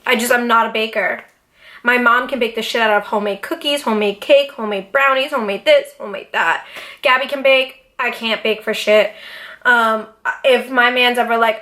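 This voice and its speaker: A young woman talking straight to her camera in a casual sit-down vlog, animated, dramatic and full of swearing. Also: on the high side, moderate pace. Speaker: YouTuber. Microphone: camera mic, seated in front of camera.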